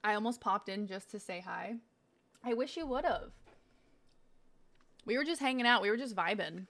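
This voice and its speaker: With a bright, expressive, medium-pitched voice at a moderate pace, a young woman chats through a casual unboxing stream. She laughs, swears heavily and keeps talking as she eats the snacks she's trying.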